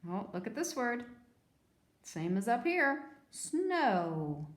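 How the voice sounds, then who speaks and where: A woman teacher giving a phonics lesson to young children, sounding out words slowly and patiently. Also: a little high, big pitch swings, reverberant.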